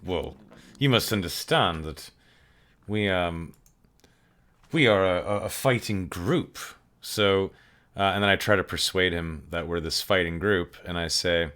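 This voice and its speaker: A man's voice: sits low, unhurried, a bit bright. A man playing a tabletop game, speaking for his character in a courtly, persuasive way. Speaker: player.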